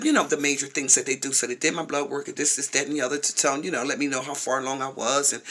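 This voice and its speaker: A woman's voice: deep voice, a little fast. A woman telling her own story to her viewers in a casual vlog, blunt and emphatic, swearing freely. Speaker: vlogger.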